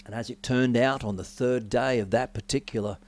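A middle-aged man giving a sermon testimony, telling his story with dramatic rises and drops in pitch and volume. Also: fairly even intonation, brisk. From Australia. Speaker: preacher.

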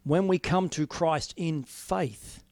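A man giving an earnest, reflective sermon, moving from hushed musing to emphatic declarations. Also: a little high, slow, dry recording. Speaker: preacher. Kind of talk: informal sermon, devotional talk.

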